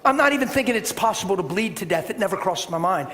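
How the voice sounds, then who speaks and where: A middle-aged man preaching a sermon and telling a personal story, swinging between loud bursts and hushed, gentle tones. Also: high-pitched, animated, quick pace. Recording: reverberant hall with faint background hiss.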